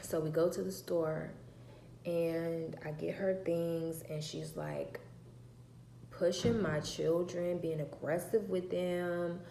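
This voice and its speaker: Low-voiced woman telling a story. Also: fairly even intonation, slow pace, creaky, mellow, echoey room, slight background noise. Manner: frank, swears freely, acts out quoted dialogue. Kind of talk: casual storytime vlog.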